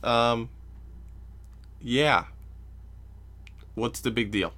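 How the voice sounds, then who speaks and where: A man's voice: medium pitch, measured pace, pauses often, fairly bright tone. A young man hosting a solo podcast, telling a story in an exasperated, profane way and mocking the people he quotes. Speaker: podcast host. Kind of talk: casual solo podcast rant.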